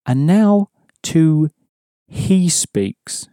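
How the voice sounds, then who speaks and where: A man's voice: on the high side, big pitch swings, drawn-out words, dark tone, no room sound, studio quality. A man teaching an audio language lesson, patiently explaining rules and prompting the listener.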